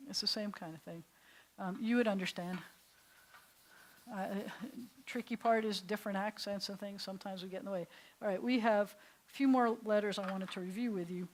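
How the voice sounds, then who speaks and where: A Hebrew class in a synagogue classroom is taught by an older woman with a New York accent. She talks at normal speed and a middle pitch, chatting in a meandering way and laughing easily.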